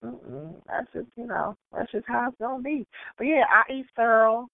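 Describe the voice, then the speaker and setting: A man's voice: very high voice, normal speed, creaky, dry recording. A man from suburban Maryland, chatting casually as a podcast co-host and telling stories playfully. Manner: animated, playful storyteller, laughs often. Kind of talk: casual chat. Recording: tinny phone-like sound.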